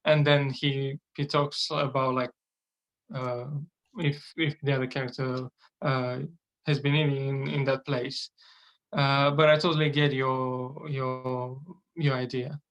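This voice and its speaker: Slow hesitant acting student. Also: male voice, medium pitch, level tone, fairly bright tone, dull audio.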